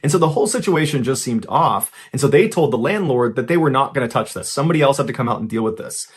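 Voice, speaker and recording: A man narrates a true crime story for a podcast, conversational yet paced for suspense. His voice sits at a middle pitch with a husky, slightly rough texture. He talks to the listener casually, dropping in everyday fillers. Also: lively intonation, fast talker.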